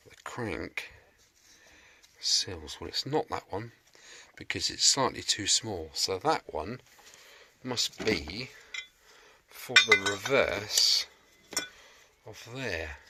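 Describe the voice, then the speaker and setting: A man works through a repair in his home workshop, chatting slowly to the camera and muttering jokey catchphrases to himself. The recording carries noticeable workshop noise and clicks. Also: lowish voice, animated. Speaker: restoration video maker. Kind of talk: talking through workshop jobs.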